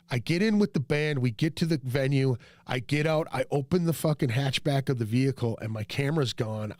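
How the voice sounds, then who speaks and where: A man hosting a podcast who tells a rambling, profane, self-mocking story and jumps into high yelps when quoting himself. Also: a little mellow, no room sound. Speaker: podcast host. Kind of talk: casual storytelling monologue.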